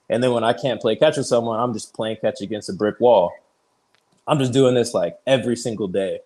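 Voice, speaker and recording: A man in his thirties, a pitcher guest on an interview show, telling his story casually, peppered with "like" and easy laughs. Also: brisk, a little mellow. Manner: chatty, fills speech with "like", retells conversations; laughs easily while telling stories.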